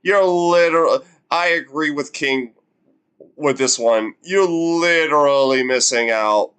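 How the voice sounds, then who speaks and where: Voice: mid-range voice, takes it slowly, fairly bright tone, smooth. A reaction streamer chatting casually, stammering and repeating words, often breaking into laughs.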